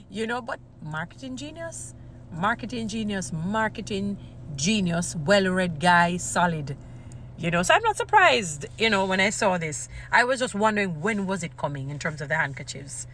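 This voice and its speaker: Woman riffing on stuff, bright voice, gets real animated, faint background hum. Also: medium pitch, normal speed. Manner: animated, emphatic, repeats phrases. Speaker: commentator. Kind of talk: casual commentary.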